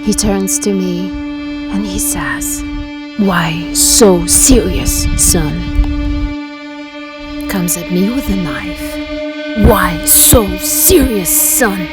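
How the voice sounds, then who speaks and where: A woman playing a scarred, unhinged male criminal clown, telling a tale in a slow, taunting way that sinks to a whisper. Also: medium pitch, loud music behind the voice. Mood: menacing. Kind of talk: monologue performed at home.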